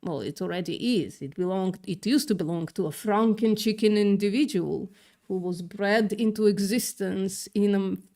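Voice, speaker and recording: A woman's voice: mid-range voice, normal speed, mellow. A woman hosting a livestream, reading news aloud with sarcastic, profane asides, stumbling over words, with a mixed accent that is partly British-tinged. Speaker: livestream host. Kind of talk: casual news reading with commentary.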